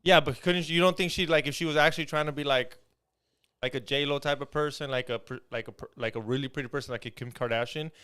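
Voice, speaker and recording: A man co-hosting a podcast, joking around in relaxed, slangy casual chat. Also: a little high, fast talker, clear, resonant tone. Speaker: podcast co-host.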